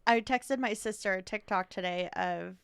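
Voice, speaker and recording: A woman's voice: mid-range voice, moderate pace, smooth, no echo. A young adult woman co-hosting a podcast in casual chat, rambling through stories and giggling often. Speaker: podcast co-host.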